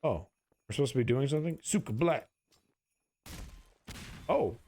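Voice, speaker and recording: A man's voice: mid-range voice, lively intonation, fast, warm tone, husky. A sleepy man streaming a game, rambling through goofy, profane banter as he plays. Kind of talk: casual gameplay commentary.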